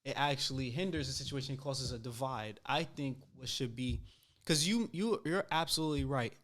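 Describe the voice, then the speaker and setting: Man, podcast host, casual and agreeable, mid-pitched everyday voice. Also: moderate pace, a bit bright. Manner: agreeable, affirming the other speaker often. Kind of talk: casual debate chat.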